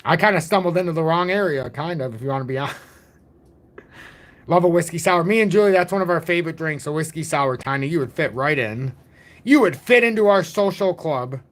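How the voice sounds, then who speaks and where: A man's voice: a little high, expressive, a little fast. Rambling jokey man in his forties. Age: 40s. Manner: rambling, jokey, self-deprecating. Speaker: crypto channel host. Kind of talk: casual livestream chat.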